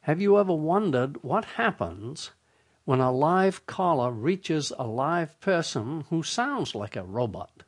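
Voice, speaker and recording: An older man hosting a radio show, telling a humorous story in a deliberate, slow way. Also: a little high, animated. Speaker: radio host.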